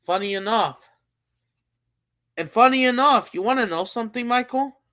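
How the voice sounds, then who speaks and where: A man's voice: extremely high pitch, moderate pace, bright, forceful tone. A man hosting a live stream, chatting casually about football and thinking aloud with many fillers and restarts. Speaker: streamer host.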